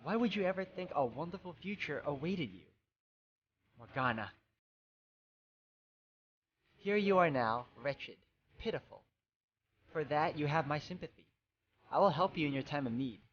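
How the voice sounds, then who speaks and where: Man putting on a female witch spirit, game character, quiet, taunting, insinuating, slightly muffled. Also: on the high side, expressive, normal speed, long pauses, slight background noise, natural voice. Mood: scornful. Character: female witch spirit, cold, scornful and tempting. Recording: slightly dull, muffled sound.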